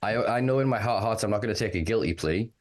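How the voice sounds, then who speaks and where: A man hosting a podcast, talking candidly in a casual, animated way and swearing freely. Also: lowish voice, fast. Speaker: podcast host. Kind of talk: casual conversation.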